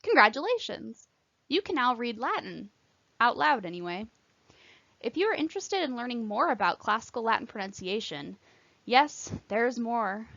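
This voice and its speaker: Female Latin instructor, scripted lesson voice-over, slightly raised pitch, careful diction. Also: big pitch swings, fairly bright tone, dry recording, muffled recording. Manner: clear, careful, deliberate enunciation of example words. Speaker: Latin teacher.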